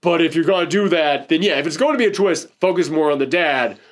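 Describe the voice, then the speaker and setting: A man's voice: on the high side, animated, fast talker. A man hosting a casual film review chat, rambling and laughing often while sitting on a couch. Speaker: podcast host reviewing films.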